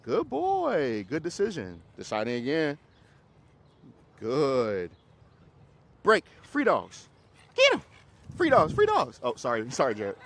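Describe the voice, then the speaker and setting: A man who trains dogs, coaching a group class in a casual, hands-on way, giving quick commands to dogs and explanations to owners. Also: medium pitch, wildly swooping pitch, a bit bright. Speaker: dog trainer.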